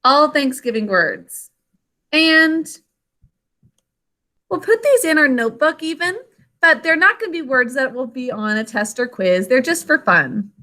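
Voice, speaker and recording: High, bright woman teaching slowly. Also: sing-song. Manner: slow, carefully enunciated phonics instruction. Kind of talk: online classroom lesson. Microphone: video call.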